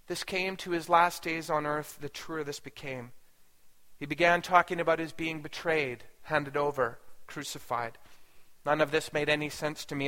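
A man's voice: fairly high pitch, a bit bright. A man preaching in the first person as a grieving, bewildered yet faithful mother, telling her story with earnest feeling and rising pleas. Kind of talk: first-person dramatic sermon monologue. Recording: long hall reverb.

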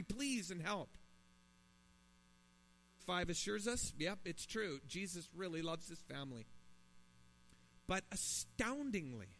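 Male preacher, 30s-40s, slightly high voice, earnest sermon, long hall reverb with faint hum. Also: a bit bright. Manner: earnest, rising to emphatic pleas.

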